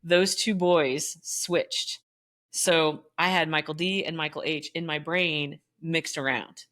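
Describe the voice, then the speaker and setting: A former teacher, this woman tells a long story with animated energy in a slightly low voice. She acts out the quoted parents and principals as she goes and laughs along in relaxed chat. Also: slow.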